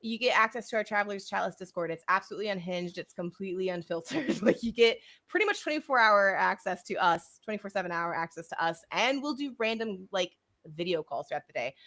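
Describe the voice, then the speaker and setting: A woman's voice: medium pitch, expressive, quick pace, few pauses, a bit bright. A woman from the United States co-hosting a live stream, chatting casually and laughing often. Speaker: podcast co-host.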